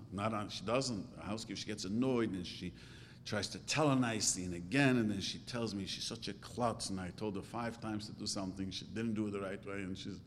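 A middle-aged man giving a religious class, talking in a conversational way and acting out quoted thoughts. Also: fairly bright tone. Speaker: religious teacher. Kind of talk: Torah class lecture. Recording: reverberant hall with faint rumble.

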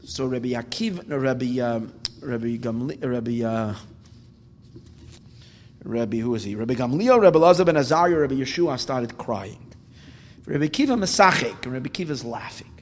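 At a brisk clip and medium pitch, a Torah teacher narrates a Talmud tale, giving Hebrew quotes followed by English explanations, with animated rises when emphatic. The audio carries long hall reverb plus a little hiss or hum.

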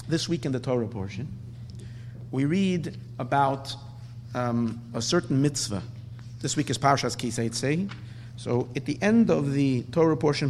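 Animated man teaching a religious class. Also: fairly high pitch, big-room sound, slight background noise. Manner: animated storyteller with frequent restarts. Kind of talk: storytelling Torah lesson.

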